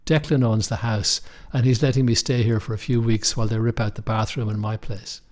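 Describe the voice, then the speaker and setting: A man voicing a charming flatmate who tells tall tales in a smooth, breezy and confident way, in an audiobook. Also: on the low side, fairly quick, lightly acted.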